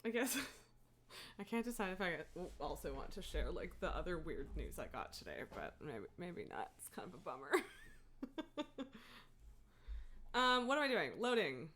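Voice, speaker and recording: A woman's voice: fairly low pitch, very animated, measured pace, long pauses, fairly bright tone, slight background noise. Rambling, giggly woman streamer. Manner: rambling, filler-heavy, laughs often. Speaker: livestreamer. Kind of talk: casual gameplay chat.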